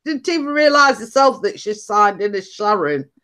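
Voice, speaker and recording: A woman's voice: mid-range voice, lively intonation, moderate pace, fairly bright tone. A woman hosting a casual chat stream, reading out comments with a chuckle. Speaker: host of a live chat stream.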